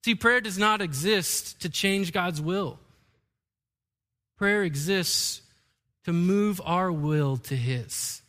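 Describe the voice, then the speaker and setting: A man preaching a sermon as the pastor, telling stories with animated delivery and acting out the quotes. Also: high-pitched, slow pace, long pauses, long reverb tail. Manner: animated storytelling, acts out quotes.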